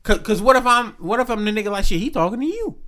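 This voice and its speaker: In a relaxed, casual conversation, a man with a high-sitting voice talks fast, bluntly and emphatically. He tells stories as he goes, quoting the people in them.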